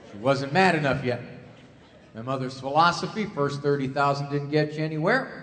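A middle-aged man giving a comedic parenting talk, animated and acting out family members, in an echoey hall. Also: a little high, moderate pace. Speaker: speaker on parenting. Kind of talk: comedic talk to a live audience.

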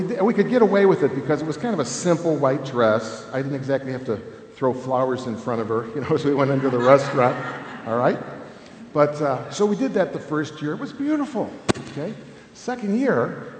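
A man in his fifties gives an animated, joking conference talk, his pitch bouncing up and down as he tells family stories. He keeps tagging "okay?" onto his sentences. The sound is roomy, with a long hall reverb and faint background noise. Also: normal speed. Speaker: speaker at a Catholic family ministry conference.

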